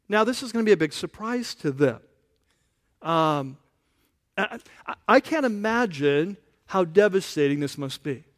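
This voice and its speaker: A pastor giving a conversational sermon, often asking the congregation questions. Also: male voice, high-pitched. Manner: casual, asks the congregation questions.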